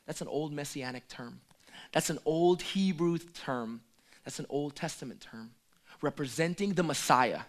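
A man preaching a sermon, swinging from hushed asides to loud, emphatic calls. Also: a little high, measured pace.

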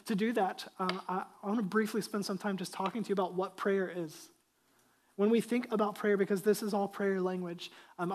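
A man's voice: sits high, a little hiss or hum. A male pastor preaching a sermon, emphatic and full of rhetorical questions to the congregation.

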